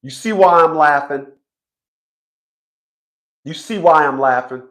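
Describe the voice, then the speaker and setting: A man telling a court story in an animated monologue, mocking, with loud outbursts and low asides, acting out other people's lines. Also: slow pace, pauses often. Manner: acts out other people's voices in quotes. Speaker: family court advocate.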